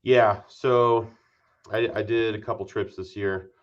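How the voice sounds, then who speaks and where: A man from Utah, a podcast guest, talking in a relaxed, easygoing way. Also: on the low side, a little slow, muffled recording. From Utah, USA. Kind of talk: casual interview chat.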